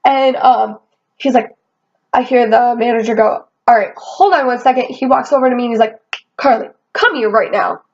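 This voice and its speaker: Young woman, casual storytime rant, swears a lot, fairly high voice, muffled lo-fi sound. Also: moderate pace. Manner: swearing, animated, quotes herself often. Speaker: vlogger. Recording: dull lo-fi sound.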